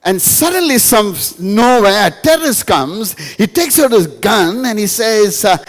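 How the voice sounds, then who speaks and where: Lively pastor telling jokes. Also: male voice, sits high, measured pace, hardly any pauses. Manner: storytelling with jokes, emphatic repetition. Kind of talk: humorous sermon to a live audience. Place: school hall, live event. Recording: reverberant hall.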